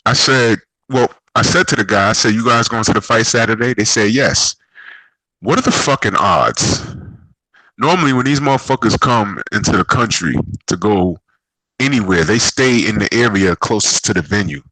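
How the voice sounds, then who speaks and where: A man talking loosely and profanely as host of a casual group chat, spinning a long rambling story. His voice sits a little low but has a bright, forceful edge. The recording is dry and close, with no room sound. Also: animated, moderate pace, breathy edge, no room sound, poor audio. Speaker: podcast host. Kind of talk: casual group chat about games and boxing.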